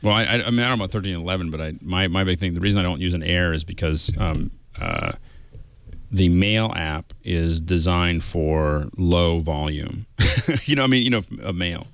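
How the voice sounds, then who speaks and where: A man on a tech panel, telling quick stories and acting out quotes. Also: low-pitched, no room sound. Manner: quick storytelling, acts out quotes. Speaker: guest panelist. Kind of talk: casual panel chat.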